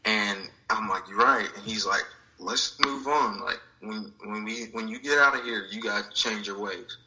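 Interviewed as a guest, a man reflectively recounts a personal spiritual story, acting out the voices of people he quotes. His voice is lowish and sharp in tone, at normal speed, and the recording quality is low.

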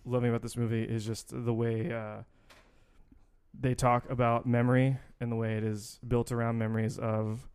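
A man's voice: medium pitch, flat delivery, normal speed, a little mellow, clean tone. A man co-hosting a casual podcast, talking loosely and rambling, with casual swearing. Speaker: podcast co-host. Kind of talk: casual film-podcast chat.

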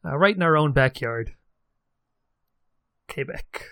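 A man's voice: on the high side, lively intonation, takes it slowly, a bit bright, no echo. Rambling self-mocking man, dry sound. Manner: rambling, self-deprecating, chuckles often. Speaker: podcast co-host. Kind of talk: casual podcast chat.

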